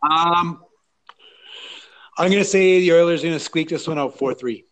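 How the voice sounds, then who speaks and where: A man's voice: on the high side, moderate pace, a bit bright. Man making dry quips on a podcast. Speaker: podcast co-host. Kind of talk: casual hockey podcast chat.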